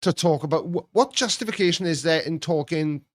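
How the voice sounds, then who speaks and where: A man's voice: on the high side, brisk, no echo. Guy riffing on comments, rambly and teasing, dry close sound. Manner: rambling, mocking and animated. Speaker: host reacting to viewer comments. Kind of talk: casual chat.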